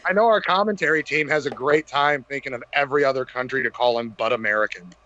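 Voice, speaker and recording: A man's voice: medium pitch, fast talker, sharp tone, lo-fi sound, slight background noise. A man chatting casually as a guest, laid-back and profane, calling people dude. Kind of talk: casual chat.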